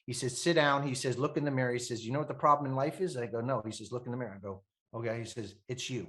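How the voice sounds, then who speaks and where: A man in his fifties from Canada, a podcast guest telling animated stories, laughing often and acting out the voices of people he quotes. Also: mid-range voice, racing. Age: 50s. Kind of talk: animated storytelling.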